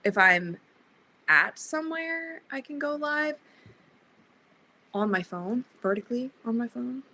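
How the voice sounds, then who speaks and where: Bright-voiced young woman livestreaming. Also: on the high side, lively intonation, measured pace, rough recording. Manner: chatty, reads viewer comments aloud, laughs often. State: sleepy, yawning. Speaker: livestream host. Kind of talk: casual livestream chat.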